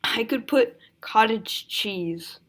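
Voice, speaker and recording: A young woman co-hosting a podcast over a video call, chatting casually with giggly, quick, jokey replies. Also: a little high, fairly bright tone. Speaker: podcast co-host. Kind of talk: casual chat.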